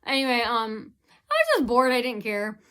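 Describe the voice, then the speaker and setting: A woman's voice: a little high, normal speed, pushed and bright, clean tone. A woman vlogger rambling through an aggrieved personal account, retelling who said what with many fillers and restarts.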